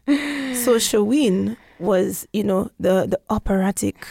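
A woman podcast host telling a story in casual chat, animated and acting out the voices she quotes. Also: medium pitch, slow, creaky, breathy edge, no room sound. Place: London.

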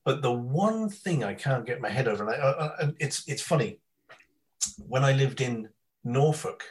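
A man's voice: mid-range voice, lively intonation, moderate pace, poor audio. A man chatting casually on a podcast as a guest, telling long rambling stories. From half English, half Irish. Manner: rambling storyteller, mimics voices in anecdotes. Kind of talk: casual chat.

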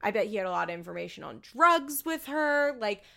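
A woman's voice: medium pitch, very animated, brisk, creaky, bright, forceful tone. A woman chatting casually as a podcast host, opinionated and swearing freely, acting out what others said in bigger voices. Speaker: podcast host recapping a reality show. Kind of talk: casual chat.

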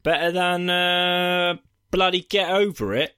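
A man co-hosting a podcast, chatting casually, swearing freely with quick asides. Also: high-pitched, fairly even intonation, pushed and bright, clean tone. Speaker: podcast co-host. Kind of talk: casual chat.

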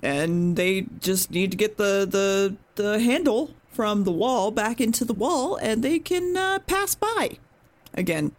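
A woman's voice: mid-range voice, lively intonation, unhurried. A woman co-hosting a podcast, recapping an episode in a rambling, swearing, self-correcting way. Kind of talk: casual podcast chat.

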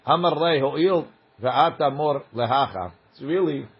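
Male Talmud teacher, husky voice, dull lo-fi recording, reads text then explains it casually. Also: medium pitch, unhurried. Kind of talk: Talmud study class.

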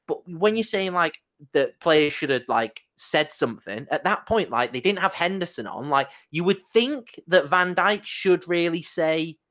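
A young man co-hosting a casual football podcast chat, animated and sweary, with lots of restarts. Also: fairly high pitch, normal speed. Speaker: podcast co-host.

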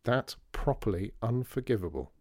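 A man's voice: medium pitch, lively intonation, moderate pace, dry recording, clean studio sound, close to an everyday voice. A man putting on a stern older woman. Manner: reproachful, then gentle.

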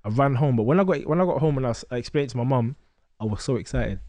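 A young man telling a lively story as a podcast guest, acting out the voices of others. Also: medium pitch, fast, no echo. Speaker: guest boxer.

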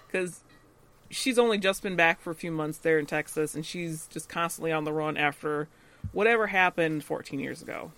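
Lively, laughing male podcast co-host. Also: on the high side, normal speed, vocal fry. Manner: animated, laughs often, acts out quoted lines. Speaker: podcast co-host recapping a TV episode. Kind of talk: casual chat.

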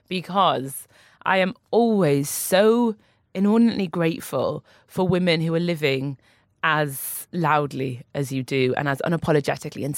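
A woman with a low, gravelly voice talks candidly as a podcast guest. She speaks with open emotion, laughing between heavy moments. The sound is close and dry. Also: dry recording. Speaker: author guest.

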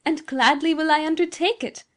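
A woman's voice: sits high, steady tone, normal speed, a bit bright, pitched above the performer's own voice. A woman voicing a young woman with a rich, youthful tone, answering eagerly and tenderly. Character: rich-voiced young woman, devoted to her plants.

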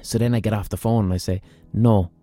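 A man's voice: fairly low pitch, fairly even intonation, very fast, dark tone, no echo, faint music behind. An Irish man hosting a podcast, telling a rambling, profane, self-mocking story in a casual monologue. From Ireland. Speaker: podcast host.

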